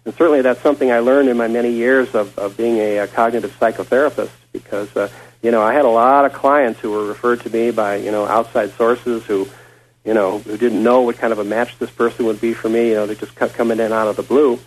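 A man's voice: medium pitch, steady tone, fairly quick, poor audio. A man hosting a casual talk show, a former psychotherapist who rambles with many fillers and restarts.

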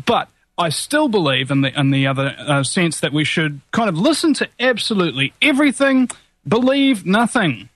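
A man's voice: a little high, fairly bright tone, no room sound. A man hosting an internet radio talk show, joking and rambling with lots of fillers and restarts. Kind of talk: casual talk radio chat.

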